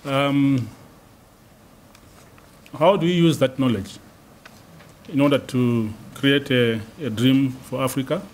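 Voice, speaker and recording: A man's voice: mid-range voice, slow pace, long pauses, a little mellow. A man serving as acting dean, giving an unscripted response to a lecture and hesitating often with ums and uhs.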